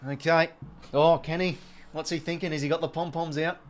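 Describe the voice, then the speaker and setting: Excitable Australian man calling live football. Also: fairly high pitch, moderate pace. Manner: excitable calling that surges on big plays, chatty asides to viewers. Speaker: watch-along host. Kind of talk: live play-by-play commentary over a match.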